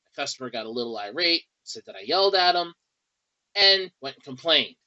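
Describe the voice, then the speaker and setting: A man's voice: on the high side, animated, brisk, bright, forceful tone, muffled recording. A man hosting a podcast in a casual, rambling monologue with a wry tone and lots of fillers, speaking. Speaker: podcast host.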